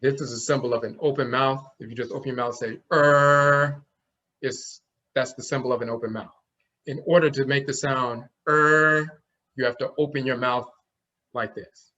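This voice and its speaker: A man's voice: mid-range voice, steady tone, bright, forceful tone, muffled recording. A man teaching an online class, explaining things step by step and sounding out letters as he goes. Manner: explains slowly, demonstrates sounds aloud.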